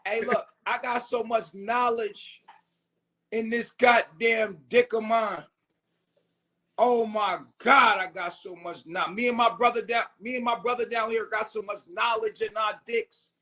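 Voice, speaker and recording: A man in a crude live chat, ranting loudly and erratically, breaking into sudden shouts. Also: high voice, steady tone, normal speed. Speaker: streamer.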